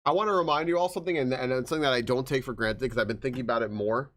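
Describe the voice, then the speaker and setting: A man's voice: medium pitch, rapid-fire, a bit bright. Chatty male streamer greeting viewers. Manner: chatty, greets viewers by name, swears casually. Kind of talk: casual live-stream chat. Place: home streaming room.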